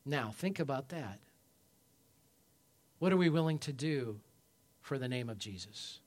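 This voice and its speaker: Pastor guy preaching, slow and deliberate, gets loud then drops quiet, keeps asking for amens. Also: expressive. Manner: emphatic, rising to loud peaks then dropping low; asks the congregation for amens. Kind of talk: sermon.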